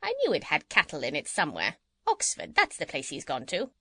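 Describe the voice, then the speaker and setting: A woman's voice: deep voice, brisk, slightly rough, dry recording, heavily acted. Woman reading a chatty lady parrot, bouncy voice, no room sound at all. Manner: lively, chattering storytelling. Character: chatty, gossipy female parrot. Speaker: audiobook reader. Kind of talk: children's audiobook character reading.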